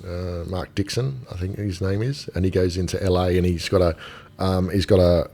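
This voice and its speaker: A man's voice: low voice, normal speed. A middle-aged Australian man, a gold dealer, chatting on a podcast and telling stories with acted-out voices. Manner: animated storyteller, acts out quoted voices. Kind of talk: casual podcast chat.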